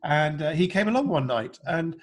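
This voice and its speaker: A man, a comedian and impressionist, chatting in an interview and telling lively anecdotes. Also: fairly high pitch, normal speed. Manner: lively storyteller, slips into voices. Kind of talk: casual interview chat with anecdotes.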